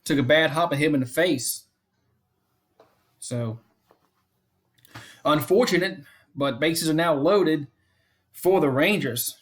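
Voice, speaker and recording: A man hosting a fan live stream, giving casual play-by-play commentary, repeating the count and score often and chatting to viewers between pitches. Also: slow, long pauses.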